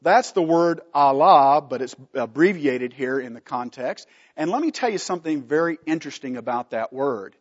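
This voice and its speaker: A man's voice: fairly high pitch, big-room sound, muffled recording. A man teaching a Bible study from slides, emphatic, putting questions to the class and answering them himself.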